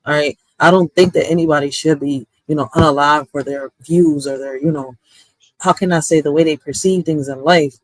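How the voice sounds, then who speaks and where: A man's voice: a little high, steady tone, brisk, no echo, rough recording. A man co-hosting a live stream, talking in a blunt, opinionated, conversational way. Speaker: stream co-host. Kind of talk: casual chat. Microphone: streaming mic.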